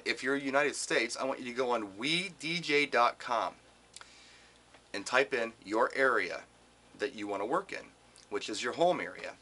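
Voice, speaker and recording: A middle-aged man from Wisconsin, a DJ giving casual advice to other DJs and acting out callers in changing voices. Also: mid-range voice. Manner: animated, acts out quoted callers in shifting voices.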